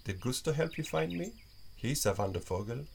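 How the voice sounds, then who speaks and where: A man's voice: medium pitch, expressive, normal speed, vocal fry, slight background noise, pitched above the performer's own voice. A man voicing a frightened, naive young woman in a storybook reading, asking hesitant, trembling questions. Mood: unsure.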